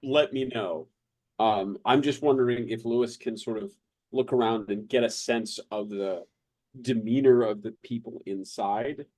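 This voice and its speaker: A man's voice: medium pitch, unhurried, darkish tone, no room sound, low-quality recording. A man playing a tabletop game, asking hedging, tentative questions. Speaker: player. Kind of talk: casual tabletop game chat.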